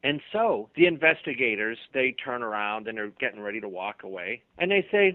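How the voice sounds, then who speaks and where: A man's voice: mid-range voice, very animated, a little fast, hardly any pauses, no echo. Emphatic man on a tinny phone line. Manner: emphatic, acts out imagined dialogue. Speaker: author being interviewed. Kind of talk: talk radio interview.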